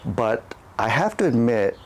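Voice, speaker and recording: A man's voice: mid-range voice, very animated, a little slow, a little hiss or hum. A man casually telling a candid personal story, rambling and restarting his sentences. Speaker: channel host.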